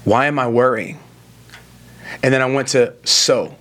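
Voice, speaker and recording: A man in his forties speaks as a guest pastor, telling his story in an earnest, preacherly way. His pitch sits in an ordinary middle range. He leans into key lines with rising emphasis. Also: unhurried, a bit bright. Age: 40s. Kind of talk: conversational interview, preacherly storytelling.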